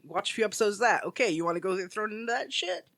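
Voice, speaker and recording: A man's voice: sits high, expressive, rapid-fire, vocal fry, sharp tone. A man co-hosting a casual podcast chat, telling a rambling story full of "like". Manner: rambling storyteller, heavy use of "like". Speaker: podcast co-host.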